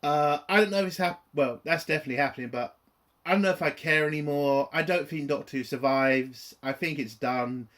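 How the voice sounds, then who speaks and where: A man's voice: on the high side, fairly quick, a bit bright. A man ranting in a profane, exasperated and rambling way while reviewing a TV episode.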